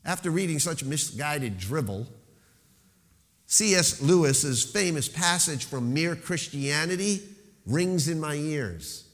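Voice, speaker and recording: A man's voice: a little high, expressive. Emphatic preaching man in a reverberant hall. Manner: emphatic preaching with slowed, stressed phrases and falling rhetorical questions. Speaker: pastor. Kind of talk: sermon.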